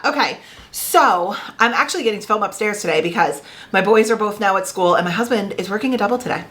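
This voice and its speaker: A woman's voice: mid-range voice, expressive, fast talker, a bit bright. A woman in her thirties chatting casually in a reading vlog, with lots of filler words and restarts. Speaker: book vlogger.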